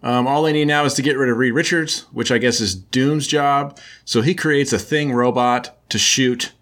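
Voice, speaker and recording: A man's voice: medium pitch, fairly even intonation, normal speed, fairly bright tone. A man casually recapping a story in a loose, chatty way, full of filler words. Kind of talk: casual comic book recap.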